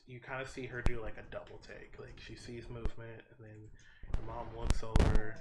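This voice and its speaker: A man's voice: mid-range voice, background noise. Rambling male game master. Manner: rambling, filler-heavy description. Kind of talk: narrating a tabletop game.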